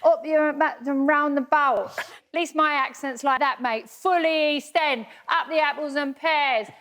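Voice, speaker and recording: A brash, mouthy Cockney soap woman from the East End, as a woman puts her on, teasing in a quick, cheeky rant. Her voice sits high and bright. She fires off jibes with a broad, mocking swagger. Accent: East London Cockney.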